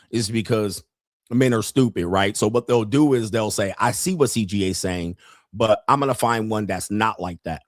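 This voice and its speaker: A man's voice: lowish voice, no echo. Blunt profane man ranting, dry sound. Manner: blunt, heavy swearing, laughs often. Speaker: podcast host. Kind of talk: profane livestream rant.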